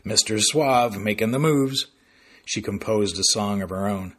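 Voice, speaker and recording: A man reading a novel aloud as narrator in a dry, unhurried way. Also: lowish voice, a bit bright, breathy edge. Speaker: audiobook narrator. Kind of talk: scripted narration.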